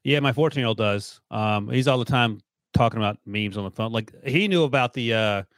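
A man in his forties with a mid-pitched voice who talks fast and bluntly, cracking jokes in casual sports talk. The recording is dry and close. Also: fairly bright tone, no room sound. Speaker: podcast co-host.

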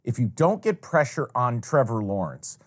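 A man co-hosting a sports betting podcast, talking in a casual, profane and animated way and telling stories with mocking impressions. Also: mid-range voice, moderate pace.

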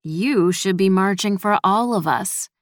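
A woman reading a story, voicing a tired, sharp-tongued old grandmother who drawls and grumbles sarcastically. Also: mid-range voice, expressive, measured pace, dry recording, studio quality. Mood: sarcastic. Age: older. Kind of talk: storybook character voice.

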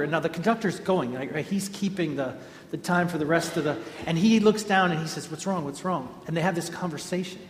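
A man's voice: high-pitched, fairly bright tone. A man giving an informal devotional talk to a group, a rambling storyteller who often restarts and corrects himself. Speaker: speaker addressing a group. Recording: echoey hall with faint ambience.

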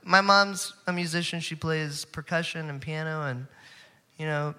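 A man's voice: fairly high pitch, moderate pace, sharp tone, clean tone. A young man, a musician guest, chatting casually in an interview, easygoing and laid-back.

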